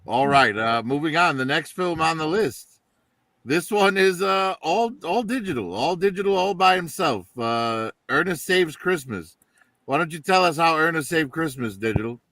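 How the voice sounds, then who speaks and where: A man's voice: fairly high pitch, expressive, moderate pace, fairly bright tone, no echo. A man hosting a casual panel chat, dry and wry as he moves the talk along to the next pick. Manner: dry, wry, steers the show. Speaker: host.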